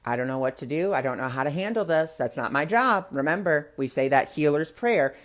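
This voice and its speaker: Woman spiritual host with a low voice, casual chatty storyteller. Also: animated, a little fast, few pauses. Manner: chatty, many fillers, acts out quotes. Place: live online broadcast.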